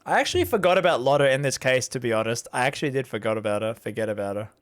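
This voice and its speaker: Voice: medium pitch, animated, racing. A streamer giving casual game commentary, giggly and chatty with viewers, over game music. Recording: game music playing behind.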